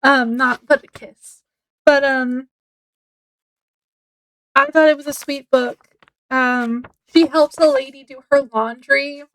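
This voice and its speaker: A woman with a high voice talks through a book she has read in a relaxed, unhurried way. She is chatty and laughs a lot as she retells it. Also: low-quality recording. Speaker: book reviewer. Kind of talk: casual chat.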